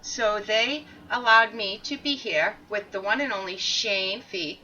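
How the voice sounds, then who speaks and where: A woman's voice: medium pitch, a little slow, a loud crowd. A woman guest-hosting a podcast, chatting in an upbeat way. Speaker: podcast guest host, network co-owner. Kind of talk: casual podcast chat. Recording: dull lo-fi remote audio.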